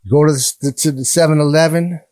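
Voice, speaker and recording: A man telling animated stories in a casual interview. He acts out other people's voices, laughs often and swears freely. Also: on the high side, normal speed, dry recording. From Canada. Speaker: guest musician.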